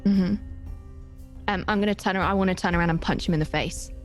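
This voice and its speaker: A woman's voice: lowish voice, steady tone, fast talker, faint music behind. Stammering woman player. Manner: stammering, laughing, eager. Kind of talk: casual tabletop play.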